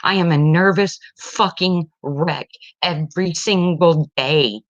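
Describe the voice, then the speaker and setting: A middle-aged woman, a parent venting online, delivers an emotional personal rant about her family in a fairly low voice at a slow pace, blunt and heated and tearful at times. The recording has a dull lo-fi sound and is dry, with no room sound.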